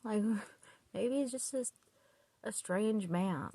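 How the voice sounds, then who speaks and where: A woman's voice: on the high side, animated, slow pace, no room sound. A woman chatting casually about a book while getting ready, rambling and laughing often as she retells scenes. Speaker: vlogger.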